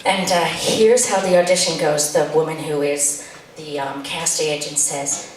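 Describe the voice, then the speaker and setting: A woman's voice: sits low, fairly even intonation, moderate pace, very echoey, recorded from a distance, a little hiss or hum, poor audio. A woman telling a comic story to an audience, chatty and exasperated, slipping into voices for the people she describes. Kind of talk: live storytelling set.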